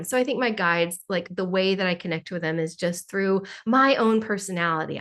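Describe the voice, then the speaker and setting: A woman hosting a spiritual Q&A on a live video call, talking in a playful, joking way with sarcastic asides. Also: medium pitch. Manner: playful, jokey, sarcastic asides, mimics voices.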